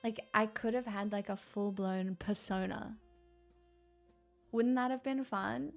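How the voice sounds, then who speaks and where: A woman streaming and chatting with her viewers in a loose, rambling way, with frequent laughs and the odd curse. Her voice has a gravelly, fry-heavy edge and sits in a mid register. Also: medium pitch, fairly even intonation, unhurried, soft background music. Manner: candid and rambling, swears, laughs often. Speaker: live streamer reading chat. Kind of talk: casual chat.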